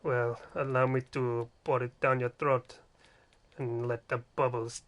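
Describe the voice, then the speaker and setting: A man putting on a smooth-talking seducer, low and hushed. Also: little pitch movement, a little slow, lightly acted. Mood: seductive. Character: suave Spanish male seducer, smooth-talking.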